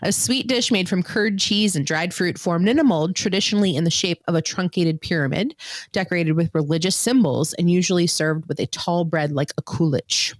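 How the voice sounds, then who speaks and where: A woman's voice: lowish voice, normal speed, dry recording. A woman hosting a casual quiz podcast, reading out holiday food facts with frequent ums and easy laughter. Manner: reads trivia facts with many ums, laughs often. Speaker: quiz host.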